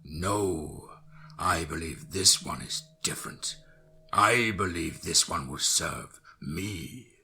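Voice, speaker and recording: Man playing a slow, low, menacing vampire count, bright and husky, storybook villain. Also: heavily acted. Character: sinister pale male vampire count, commanding.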